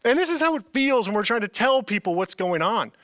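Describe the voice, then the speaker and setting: A man's voice: extremely high pitch, very animated, brisk, fairly bright tone, no echo. A young man preaching a casual, earnest youth sermon, often saying "man" to his listeners. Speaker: youth pastor.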